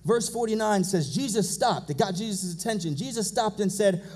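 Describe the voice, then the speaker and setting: A male pastor preaching a fervent sermon in a church, repeating phrases and building to shouts. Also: high-pitched, lively intonation, moderate pace, few pauses. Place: church sanctuary.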